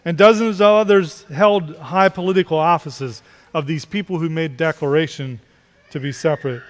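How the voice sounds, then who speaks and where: A male pastor with a notably high voice delivers a Sunday sermon, pressing his points with repeated, emphatic questions. His voice rings out in a church sanctuary, trailing a long reverb from the large room. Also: moderate pace.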